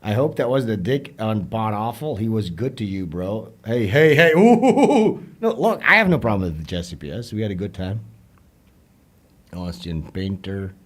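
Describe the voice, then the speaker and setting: Low-voiced livestreamer joking around. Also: male voice, animated, moderate pace, fairly bright tone. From Netherlands (Limburg). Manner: loose, joking, switches into Dutch and German. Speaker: livestream host. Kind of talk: casual livestream chat with viewers.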